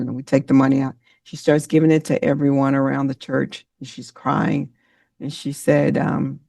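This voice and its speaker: A woman delivers a motivational talk with a preacher's fervor, speaking straight to her listeners and naming them one by one. Her voice carries a gravelly edge. She sits back from the mic in a dry, deadened space. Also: rumbling low, fairly even intonation, moderate pace, darkish tone, dry recording, far from the mic. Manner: emotional, preacher-like, calls on listeners by name.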